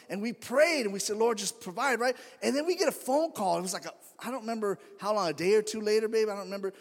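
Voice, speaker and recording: A man with a high, light voice preaches in a church sanctuary, and his words ring out with a long hall reverb. He talks in a loose, conversational way and slips into the voices of the people in his stories. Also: quick pace. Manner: conversational storytelling, acts out quoted voices. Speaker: pastor. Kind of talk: sermon.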